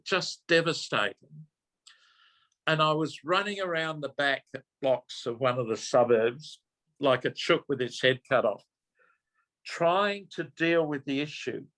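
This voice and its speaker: An older male minister gives a talk, telling a personal story earnestly in a fairly high, sharp voice. He often repeats and corrects himself.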